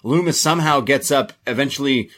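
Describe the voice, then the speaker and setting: The wrestling podcast co-host speaks in a mid-range, slightly bright voice at a brisk clip. He rambles through a casual play-by-play recap, restarting often.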